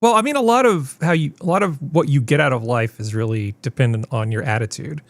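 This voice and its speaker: A man's voice: mid-range voice, fast talker, no echo. A man hosting a casual panel chat over a video call, rambling with wry asides. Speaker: host.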